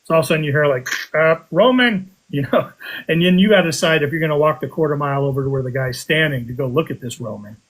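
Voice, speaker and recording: A man casually telling a story on a podcast, animated, with his voice jumping up high when he quotes himself. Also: fast, rough recording. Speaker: podcast guest telling a metal detecting story.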